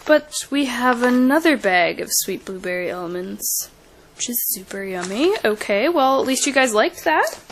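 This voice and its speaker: A woman's voice: on the high side, lively intonation, normal speed, fairly bright tone, a little hiss or hum, low-quality recording. A young woman at home filming a casual unboxing vlog, chatting with her kids and reading out snack names into the camera mic. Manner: chatty, reads product names aloud, coaxes her kids.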